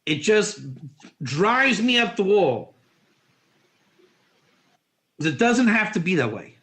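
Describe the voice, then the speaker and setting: Excitable high-voiced man teaching Torah. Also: takes it slowly. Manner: excitable, rhetorical, voice jumps up when animated. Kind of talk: animated Torah class.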